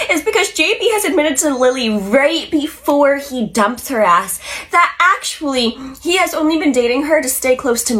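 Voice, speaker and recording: A young woman with a stuffy nose, casually recapping a story in an animated way, acting out the lines. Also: sits high. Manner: animated storytelling, acts out quotes, frequent laughs and ums. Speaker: pop culture vlogger.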